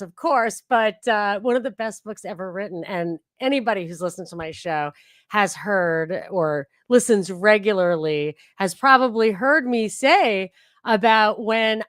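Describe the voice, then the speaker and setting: A woman's voice: mid-range voice, no echo, clean studio sound. A woman hosting a podcast, chatting casually and digressively about a book, often restarting her sentences. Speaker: podcast host. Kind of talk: casual book reading and discussion.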